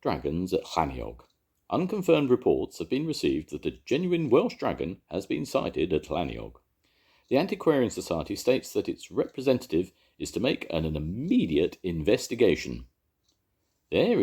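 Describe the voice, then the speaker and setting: A genial choirmaster speaks soothingly in a husky, lively voice in this storybook. An older man puts him on. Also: deep voice, moderate pace, pitched above the performer's own voice, exaggerated voice.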